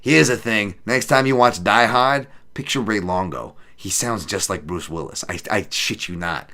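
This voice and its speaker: Gravelly, profane man hosting a podcast. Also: lowish voice, moderate pace, sharp tone. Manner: profane, joking, rambling banter; reads odds and chat comments aloud. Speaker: podcast host. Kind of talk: casual betting picks and chat reading.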